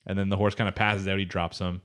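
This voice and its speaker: A man's voice: deep voice, flat delivery, quick pace, fairly bright tone, smooth. A man co-hosting an anime podcast, recapping episodes in a loose, rambling way and quoting characters in his own voice. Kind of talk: casual chat.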